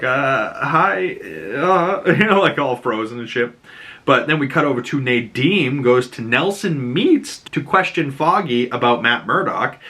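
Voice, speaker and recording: A young man walks through a season recap in a loose, chatty way, peppering it with slang and fillers. His voice sits mid-pitch with a bright, forward tone. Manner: chatty, slangy, lots of "you know, like". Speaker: show recap host. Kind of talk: casual recap commentary.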